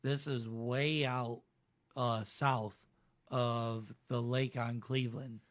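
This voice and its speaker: A man's voice: medium pitch, fairly even intonation, slow. A young man hosts a casual podcast chat in a laid-back way, at times reading news reports aloud. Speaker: podcast host.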